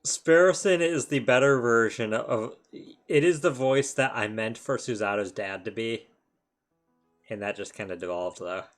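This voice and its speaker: A man's voice: medium pitch, moderate pace, faint music behind. A man chatting playfully while co-streaming a game, with dry jokes. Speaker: streamer, co-player. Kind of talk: casual chat while playing a game.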